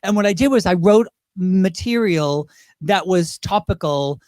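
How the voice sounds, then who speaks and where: A man chatting as a guest on a talk show, animated and chatty, with lots of restarts and asides. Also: sits high, unhurried, no echo, clean studio sound. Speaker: guest, drag performer. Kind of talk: casual interview chat.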